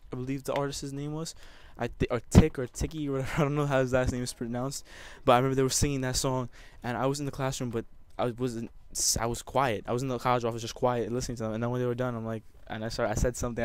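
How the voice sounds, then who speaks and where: A man's voice: mid-range voice, smooth. A young man telling a personal story over gameplay commentary, emotional and rambling, with many restarts. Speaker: gamer.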